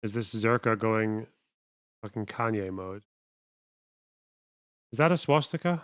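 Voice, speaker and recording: A man's voice: on the low side, animated, measured pace, no echo, studio quality. A man hosting a livestream, giving casual, sardonic reaction commentary and swearing freely. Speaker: livestream host.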